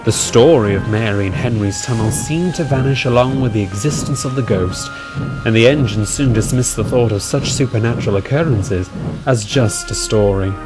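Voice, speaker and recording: A man narrating a storybook tale in a measured, calm way. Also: medium pitch, over music.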